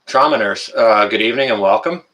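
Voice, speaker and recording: A man's voice: fairly low pitch, fairly quick, pushed and bright, rough recording. A man hosting a live stream, chatting casually, rambling with many fillers and greeting viewers by name.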